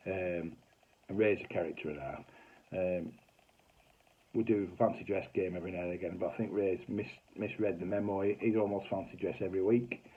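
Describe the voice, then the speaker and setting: The recording is tinny and phone-like, carrying a low, slightly rough male voice that moves briskly with fairly even intonation. It belongs to a middle-aged Northern English comedy sitcom writer swapping casual, funny stories, broad and chatty, with mild swearing and impressions of other voices.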